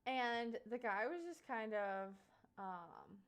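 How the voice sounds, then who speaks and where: This young woman streamer has a fairly high, clear, resonant voice and takes her time as she chats with viewers. Her casual story is animated and broken up by frequent laughter and plenty of fillers such as "um" and "like."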